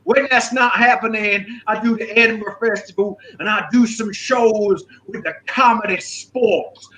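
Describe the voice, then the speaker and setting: Brash high-voiced male comedy host. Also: measured pace, pushed and bright, rough recording. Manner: brash, swearing, mock-outraged banter. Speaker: guest host. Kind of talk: casual comedy hosting.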